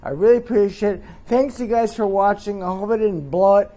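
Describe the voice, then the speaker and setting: A man's voice: high voice, moderate pace, mellow. A middle-aged man hosts a joking mock interview, rambling and teasing with chuckling asides. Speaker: host.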